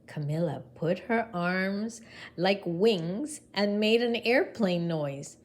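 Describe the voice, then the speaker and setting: Slow, expressive woman reading to children. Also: mid-range voice. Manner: expressive, asks listeners questions. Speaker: storybook reader. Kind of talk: reading a picture book aloud to children.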